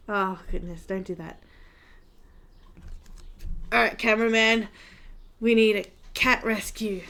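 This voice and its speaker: A woman's voice: mid-range voice, steady tone, slow, long pauses, sharp tone. A young Australian woman with an Australian accent chatting casually and telling a story, laughing often, while she colors on a live stream. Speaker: coloring channel host.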